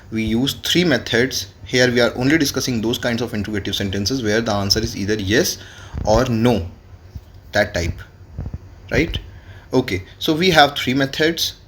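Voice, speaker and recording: A man's voice: medium pitch, normal speed, a bit bright. Guy teaching french, mid voice, spells stuff out, bit of noise behind. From India. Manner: spells out words letter by letter. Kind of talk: classroom lesson.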